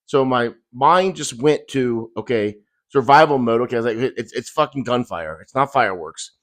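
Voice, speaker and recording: A middle-aged man tells a frightening story in a raw, profane, agitated rush. His voice sits in an ordinary middle pitch and swings between tense bursts and low, heavy stretches. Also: lively intonation, brisk. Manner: profane, agitated, intense retelling. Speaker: rideshare driver. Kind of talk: emotional first-person storytelling.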